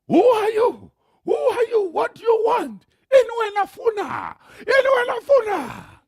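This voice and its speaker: A man voicing an angry white farmer who shouts at an intruder and barks commands. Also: very high-pitched, sing-song, takes it slowly, dry recording, studio quality, pitched above the performer's own voice, full character voice. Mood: angry shouting.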